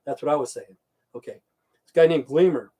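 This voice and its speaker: A man in his fifties spins a long, crude story full of swearing and repeated lines. His voice is mellow and dark, pitched a little high for a man, with a loose rambling pace. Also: quick pace. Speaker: livestream host.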